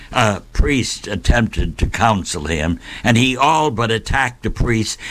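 Slow, low-voiced male storyteller. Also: fairly bright tone. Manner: measured, deliberate storytelling with dramatic pauses. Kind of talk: recounting a saint's life story.

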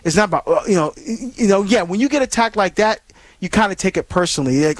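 Guy hosting a call-in radio show, fairly high voice, preachy and earnest, lots of um and you know, dry close mic. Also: very animated, quick pace, no echo. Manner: earnest, rambling, with many fillers and restarts.

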